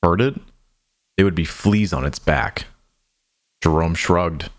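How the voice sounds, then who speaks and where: A man narrating an audio drama in a measured, somber storytelling manner. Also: low voice.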